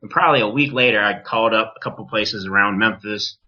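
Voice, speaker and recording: A wrestler appearing on a podcast rattles through an animated, casual story, full of profanity and impressions of what others said. His voice sits on the low side and he speaks fast, with flat, lo-fi recording quality.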